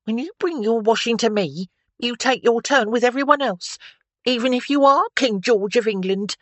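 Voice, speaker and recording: A man's voice: very high voice, normal speed, no room sound, pitched above the performer's own voice. A man reading an audiobook, voicing a bossy young washerwoman who scolds an officer. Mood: scolding. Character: fierce scolding washerwoman, young adult woman.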